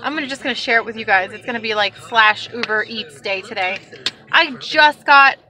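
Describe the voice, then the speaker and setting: A young woman chatting casually to her vlog audience, telling stories in an animated, exasperated way. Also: a little high, brisk, poor audio. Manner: animated storytelling, exasperated retelling. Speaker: vlogger.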